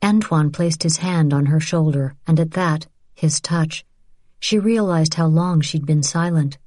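A woman reading an audiobook in a calm, even narrating voice. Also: low-pitched, unhurried, no room sound, studio quality.

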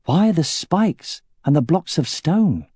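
A man's voice: fairly high pitch, big pitch swings, slow, mellow, slightly rough, dry recording, clean studio sound, pitched above the performer's own voice, full character voice. A man voicing an anxious young male dragon rider who speaks in urgent questions. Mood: troubled.

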